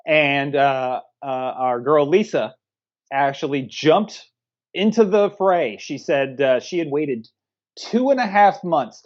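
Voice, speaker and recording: A man's voice: a little high, slow, highs cut off. A man co-hosting a film review podcast, blunt and profane, chatting casually. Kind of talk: casual chat.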